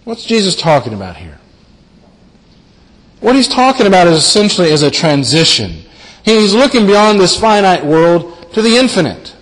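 A man preaching a sermon in an earnest, halting way, often repeating his words as he explains scripture. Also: sits high, big pitch swings, a bit bright, in a large hall, rough recording.

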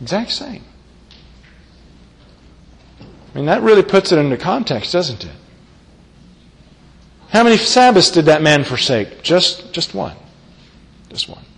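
High-voiced man preaching in a reverberant hall. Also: very animated, a little slow, gravelly, pauses often. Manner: emphatic, repeats key phrases, asks rhetorical questions. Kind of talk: sermon. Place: church meeting hall. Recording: long reverb of a large hall.

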